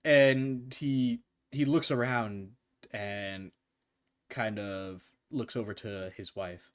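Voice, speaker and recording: A man's voice: fairly low pitch, steady tone, takes it slowly, clean tone. A man narrating a tabletop game as game master, casual and loose. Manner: casual, laughs often, loose swearing.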